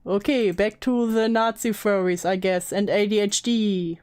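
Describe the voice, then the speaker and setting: A woman's voice: medium pitch, steady tone, unhurried, a little mellow. A woman livestreaming a reaction to a video, chatting casually, laughing often and thanking viewers. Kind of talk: casual live reaction chat.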